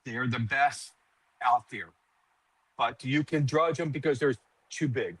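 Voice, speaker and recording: A man's voice: mid-range voice, a little slow, a bit bright, breathy edge, dry recording, poor audio. A middle-aged man in casual podcast chat, telling stories animatedly, acting out quotes and swearing freely. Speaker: cigar company guest.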